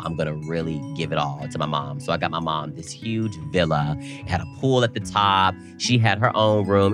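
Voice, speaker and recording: Deep-voiced young man, animated storyteller. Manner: animated storytelling, quotes others in big voices. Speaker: podcast co-host. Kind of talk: casual chat.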